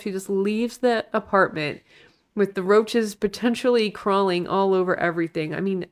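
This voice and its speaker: A woman's voice: medium pitch, expressive, moderate pace, a bit bright. Exasperated woman podcast co-host. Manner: exasperated, blunt. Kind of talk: casual movie recap chat.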